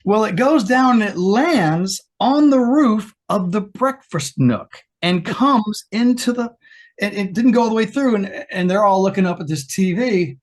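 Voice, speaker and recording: A man being interviewed over a video call, telling lively stories and acting out the quoted lines. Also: unhurried. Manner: animated storyteller, acts out quoted lines with a higher pitch. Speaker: guest guitarist. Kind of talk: storytelling in an interview.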